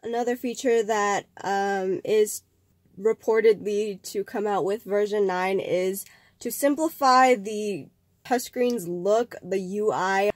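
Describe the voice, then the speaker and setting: Still shaking off a cold, this young vlog host sounds slightly nasal as she talks to camera. She speaks slowly at a medium pitch, in a chatty, rambling style with fillers and restarts, on a dry recording.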